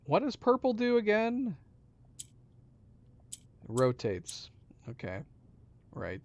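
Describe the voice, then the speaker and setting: A man playing a puzzle game and commenting as he goes, mumbling to himself and then breaking into loud surprised outbursts. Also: high-pitched. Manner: excitable, quick swings between mumbling and loud exclaims. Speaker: gaming channel host. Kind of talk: let's play commentary. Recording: dull lo-fi sound.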